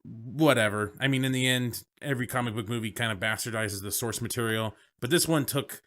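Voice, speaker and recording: A man's voice: mid-range voice, a little fast, a bit bright. A man co-hosting a casual podcast, joking around, swearing freely and laughing often. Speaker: podcast co-host. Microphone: remote guest on a phone line.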